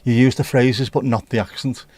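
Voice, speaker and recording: A man's voice: medium pitch, fairly even intonation, normal speed, a little mellow, no room sound. A man with a Scouse accent hosting a casual livestream, chatting with viewers and bantering as he reads the chat. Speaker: livestream host.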